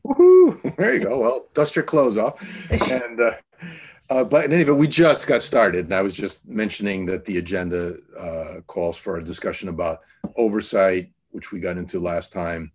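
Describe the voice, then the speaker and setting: A man with a low voice leads an online committee meeting. He talks in loose, halting sentences full of fillers and restarts. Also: steady tone. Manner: hesitant, many fillers and restarts. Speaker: task force chair.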